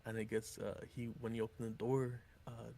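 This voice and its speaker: A man's voice: medium pitch, completely flat delivery, fairly quick, dark tone, a little hiss or hum. A man streaming live, telling a rambling story full of swearing and acting out what people said. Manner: profane, rambling, acts out quotes.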